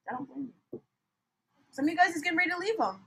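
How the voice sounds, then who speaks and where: Animated high-voiced woman tarot reader. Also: a little hiss or hum, low-quality recording. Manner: animated, swings from soft mutters to shouts, laughs often, swears. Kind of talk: casual tarot reading monologue.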